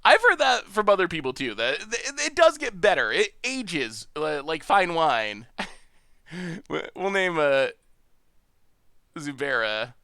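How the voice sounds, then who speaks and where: A man's voice: on the high side, very animated, takes it slowly, bright, forceful tone, smooth, no echo, studio quality. A man with an upstate New York accent hosting a live stream, chatting and thinking aloud as he plays a card game and laughing often. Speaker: stream host. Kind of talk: live-stream gameplay commentary.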